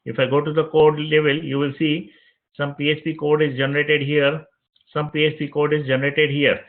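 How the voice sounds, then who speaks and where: Instructor, male, fairly high voice, walks through each click of a screen tutorial; thin phone-quality sound. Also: little pitch movement, a little fast. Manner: step-by-step narration of clicks, repeats phrases. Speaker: web development instructor. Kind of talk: screen-recorded software tutorial. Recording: tinny phone-like audio.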